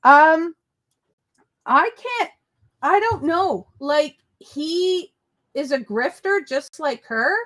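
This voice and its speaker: A woman's voice: high voice, lively intonation, extremely slow, long pauses, a bit bright. A woman hosting a casual reaction commentary, chatting loosely, swearing freely and answering viewer comments. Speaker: commentary channel host.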